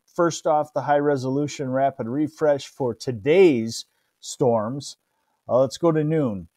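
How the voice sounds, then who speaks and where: A man's voice: a little high, darkish tone, no echo. A man with a Midwestern American accent giving a casual live weather forecast as a meteorologist, greeting viewers by name along the way.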